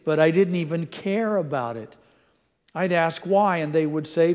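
A man preaching a sermon, reading quotes aloud in an earnest voice and moving into a quiet prayer. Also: fairly high pitch, long reverb tail.

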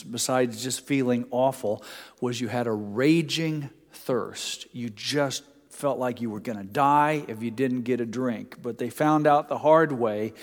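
A man preaching a sermon in a conversational way, often slowing down and dropping to a hush for emphasis. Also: medium pitch, in a large hall. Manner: conversational preaching with many restarts, slows and hushes for emphasis. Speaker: pastor.

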